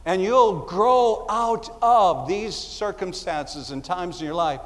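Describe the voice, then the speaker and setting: A man with a high voice preaches slowly as a pastor in a reverberant hall. His sermon has a conversational feel, with asides he acts out.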